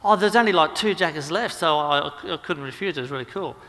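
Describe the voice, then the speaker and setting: A man's voice: on the high side, expressive, quick pace, fairly bright tone, in a large hall. Man doing a breezy, defensive wife. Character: wife defending a new jacket.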